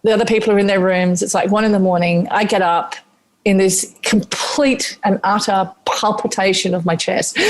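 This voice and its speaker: A middle-aged Australian woman chef, a podcast guest, telling a candid personal story, swearing freely and acting out what she said at the time. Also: medium pitch. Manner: animated, swears freely, acts out her own past remarks.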